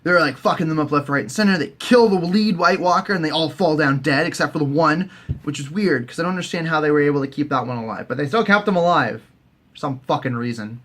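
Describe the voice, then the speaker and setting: A young man, recapping a TV season in a casual, profane, jokey way and slipping into quick silly character voices. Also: a little high, a bit bright. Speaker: recap host.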